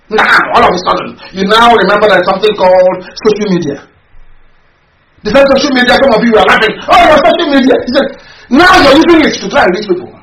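A man giving a fiery, scolding radio address that swings between loud outbursts and low, hushed asides. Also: fast talker. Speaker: political broadcaster. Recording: echoey room with faint noise.

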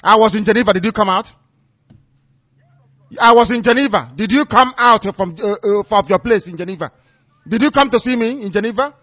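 Man, radio host, scolding, very high pitch, muffled. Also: fairly quick, no room sound. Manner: forceful, scolding, repeats questions. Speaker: radio show host taking calls. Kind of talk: call-in radio talk.

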